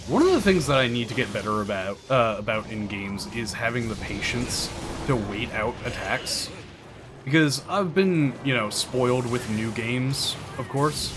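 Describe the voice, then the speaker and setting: Lively, chatty male game streamer. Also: mid-range voice, moderate pace, background noise. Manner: chatty, swears when hit, explains tactics. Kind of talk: casual gameplay commentary. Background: game music.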